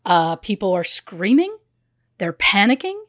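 A woman recounting a grim true crime case on a podcast, blunt and plain-spoken. Her voice sits at an ordinary middle pitch. The sound is dry and close, with no room around it. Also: sing-song, measured pace, fairly bright tone, no room sound. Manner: blunt, conversational, with fillers. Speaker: podcast co-host.

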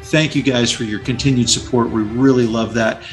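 A man hosting a movie podcast, chatting excitedly and speaking directly to his listeners. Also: mid-range voice, moderate pace, faint music behind. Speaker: podcast host. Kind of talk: casual podcast chat.

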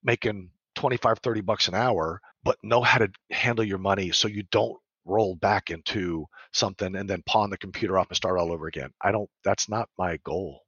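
An older man with a husky, slightly low voice talks earnestly about his work, pressing his points with emphasis and circling back through restarts. The sound is dry and a little dull, as on a lo-fi recording. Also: fairly quick, hardly any pauses, fairly bright tone, dry recording. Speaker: veterans nonprofit leader, guest. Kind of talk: conversational interview.

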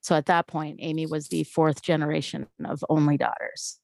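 A woman, a guest, telling a personal story in an animated way and acting out the voices of the people in it, often close to tears. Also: low-pitched, normal speed, vocal fry, no room sound. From Canada. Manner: animated, acts out quoted voices.

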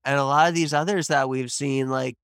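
A man from the northern United States co-hosting a casual movie review podcast, blunt and animated, swearing casually. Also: mid-range voice, fairly quick, smooth, no echo, studio quality. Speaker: podcast co-host.

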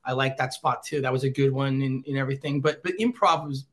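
A man's voice: medium pitch, fast talker. A man in his thirties telling stories in a casual interview, acting out what people said. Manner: animated, acts out quotes in voices. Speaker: guest, former celebrity cameraman. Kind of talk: casual storytelling.

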